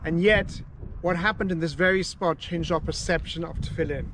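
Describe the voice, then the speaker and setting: A man working as a tour guide, telling a story outdoors at a desert archaeological site in a lively, animated way. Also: a little high, normal speed, noisy background. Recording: music playing underneath.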